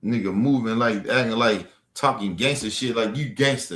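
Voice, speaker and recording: A man's voice: on the low side, moderate pace, hardly any pauses, fairly bright tone, reverberant. A man ranting at a viewer on a livestream, aggressive and profane. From Baltimore. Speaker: streamer. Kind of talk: livestream rant.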